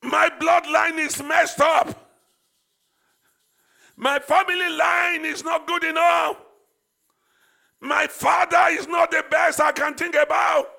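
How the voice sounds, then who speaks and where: Male pastor, shouted fervent prayer, gravelly and very high. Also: level tone, slow, long pauses, a faint crowd. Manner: shouted, fervent praying with repeated phrases. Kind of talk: sermon, leading congregational prayer. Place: church service.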